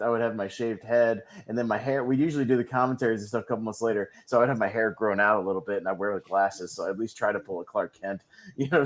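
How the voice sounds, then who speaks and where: Fast-talking man chatting. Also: mid-range voice. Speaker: podcast co-host. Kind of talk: casual chat.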